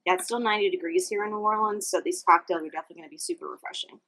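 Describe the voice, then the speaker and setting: A young woman from Louisiana with a clear, bright voice hosts a relaxed cocktail-making show. She chats cheerfully to the viewer while she works. She sounds like she is in a home kitchen. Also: fairly low pitch, racing, rough recording. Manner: chatty and upbeat, talking to the viewer while mixing. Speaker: cooking show host. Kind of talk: casual cocktail demonstration.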